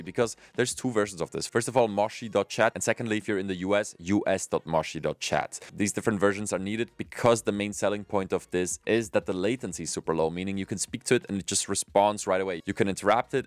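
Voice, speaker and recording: A male host giving a casual, energetic tech review straight to the viewer. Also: low voice, no room sound. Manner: energetic, direct, talks to the viewer.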